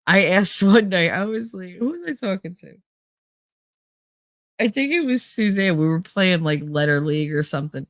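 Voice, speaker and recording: A woman's voice: on the low side, animated, normal speed, a bit bright, no room sound. A woman with a New Jersey accent chatting casually on a livestream, rambling and laughing often, a little nasal from a stuffy nose. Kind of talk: casual chat.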